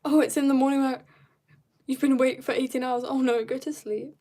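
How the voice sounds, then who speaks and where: A woman's voice: high voice, steady tone, a little fast, mellow. Chatty woman streaming her drawing. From South Africa. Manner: chatty, reads out and answers viewer comments. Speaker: art livestreamer. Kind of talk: casual chat while drawing live. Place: home, room upstairs.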